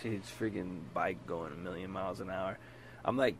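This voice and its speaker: A man's voice: lowish voice, flat delivery, normal speed, a little hiss or hum. A man hosting a casual storytelling podcast, bluntly retelling a dispute, swearing freely and raising his voice when he quotes himself. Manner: voice rises when quoting himself in arguments. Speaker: podcast host.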